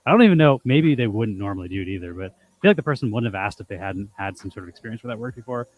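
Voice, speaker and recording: A man's voice: on the low side, animated, narrow, tinny audio, a little hiss or hum. A young man co-hosting a casual podcast, telling grocery store stories with plenty of swearing. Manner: swearing, rapid storytelling. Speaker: podcast co-host. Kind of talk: casual chat.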